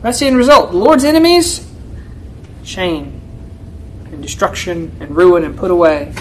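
Preaching an expository sermon a little slowly, a male church elder speaks emphatically and repeatedly asks his listeners "right?" He shifts from raised pleading to subdued asides, on a low-quality recording with slight background noise.

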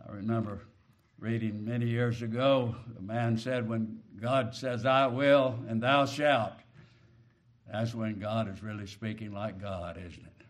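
Slow, emphatic male preacher. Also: on the low side, steady tone. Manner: slow, emphatic, rising to loud shouted peaks on key words. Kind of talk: sermon.

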